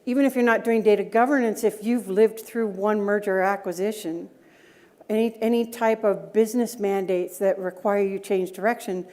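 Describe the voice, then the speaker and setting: A middle-aged data governance director speaks at a conference breakout session, mixing stories with rhetorical questions for her listeners. She talks at a normal speed in a steady, medium-pitched, slightly mellow voice.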